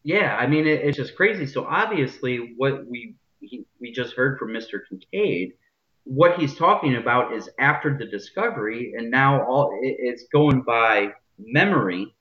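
A man's voice: mid-range voice, animated, moderate pace, fairly bright tone, echoey room, lo-fi sound. A man co-hosting a casual podcast chat, talking loosely and hedging with lots of "you know" fillers.

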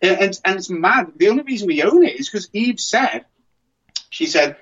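A man talks in a loose, rambling way, often circling back and restarting his sentences. His voice sits a little high. The recording sounds dull and lo-fi. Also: expressive, moderate pace, a bit bright, slightly rough. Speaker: podcast co-host. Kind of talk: casual chat.

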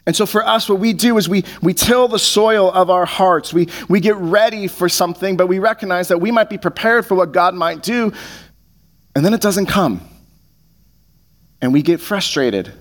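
A man preaching a sermon as pastor, earnest, often restarting his words. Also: high-pitched.

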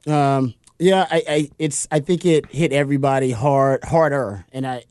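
A man's voice: medium pitch, normal speed, a little mellow, clean tone, no room sound. A man co-hosting a casual sports talk show, talking in a conversational way with hesitant restarts. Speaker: co-host.

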